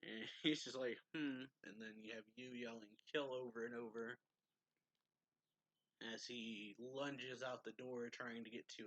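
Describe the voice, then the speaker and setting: A man's voice: mid-range voice, bright, forceful tone, no echo, low-quality recording. A man casually reviewing a manga chapter, recapping the plot in a rambling way, chuckling often and using lots of fillers.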